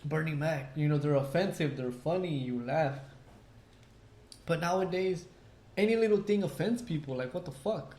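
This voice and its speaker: A man with a somewhat high voice tells stories on a casual podcast, cursing constantly and playing every part himself. His sound rings around an echoey room. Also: moderate pace. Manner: profane, animated storyteller acting out quotes. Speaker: podcast co-host. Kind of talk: casual drunk podcast chat.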